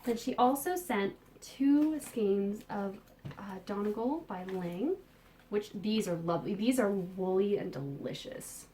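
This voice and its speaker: A woman hosting a casual podcast, talking enthusiastically about yarn she has dyed and received, with soft muttered asides. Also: mid-range voice, expressive, a little slow. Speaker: podcast host and yarn dyer. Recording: distant mic with faint background noise.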